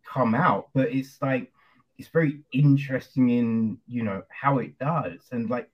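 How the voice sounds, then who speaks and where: A man's voice: medium pitch, slightly rough, highs cut off. A man interviewing guests in a loose, chatty way, full of fillers. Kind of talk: casual interview chat.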